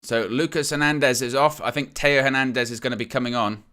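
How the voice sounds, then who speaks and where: A man's voice: medium pitch, fairly even intonation, fairly quick, pushed and bright, clean tone. A man hosting a live fan stream, giving casual running commentary on a football match, with fillers and restarts. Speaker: fan channel host.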